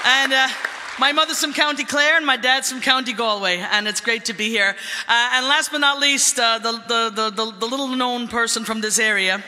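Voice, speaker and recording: Male bandleader at a live show, very high and piercing, hall reverb, audience murmur. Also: moderate pace, some chatter behind. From the Bronx, New York. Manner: joking, loud emcee patter with stumbles. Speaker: bandleader introducing musicians on stage. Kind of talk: live stage banter. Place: concert hall. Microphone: stage microphone.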